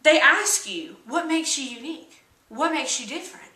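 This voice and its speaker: A woman's voice: sits high, expressive, moderate pace, sharp tone, echoey room, distant mic, rough recording. A young woman with a rural American country accent, co-hosting a motivational vlog in a chatty, earnest way. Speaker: co-host. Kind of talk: casual motivational vlog talk. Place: indoor room with a kitchen counter.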